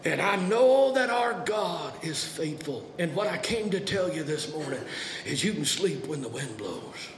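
A man pastor preaching a sermon to a congregation, swinging between soft and dramatic delivery. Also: a little high, very animated, unhurried, echoey room, a little hiss or hum. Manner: preaching with dramatic shifts, acting out voices. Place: church sanctuary.

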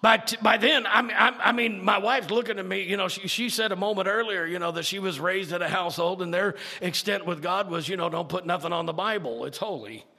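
A man preaching his testimony in a fervent sermon style, building to shouts. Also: high voice, brisk, hardly any pauses, in a large hall. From Idaho, United States.

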